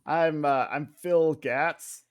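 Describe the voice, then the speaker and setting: A man playing a smug, self-important businessman in a tabletop game, speaking stiffly with halting pauses. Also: fairly high pitch, clear, resonant tone, dry recording, studio quality.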